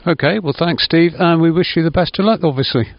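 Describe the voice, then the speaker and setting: A man's voice: fairly high pitch, fast, lo-fi sound. A man hosting a local football podcast and asking short, plain questions. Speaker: podcast host. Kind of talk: interviewing.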